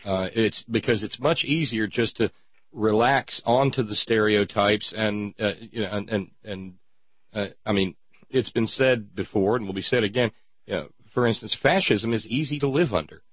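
A man's voice: fairly low pitch, moderate pace, dry recording. An older man hosting a radio talk show, with a dry, wry and thoughtful manner. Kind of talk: casual radio chat. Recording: dull dry radio audio.

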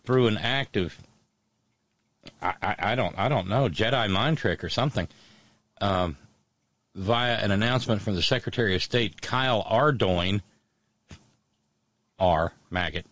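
A man hosting solo political commentary, sardonic and halting, often restarting his words. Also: lowish voice, a bit bright, dry recording.

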